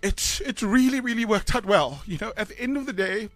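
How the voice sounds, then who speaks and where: A South African man in his thirties, a radio co-host, telling a personal story in a halting, choked-up way with sighs and fillers. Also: sits high, animated, no echo, faint music behind. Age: 30s.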